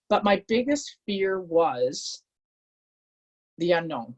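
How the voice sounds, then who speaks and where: A woman from Canada giving a motivational talk, telling a personal story with animated delivery. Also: on the low side, moderate pace, long pauses. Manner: animated, acts out quoted voices. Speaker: motivational speaker.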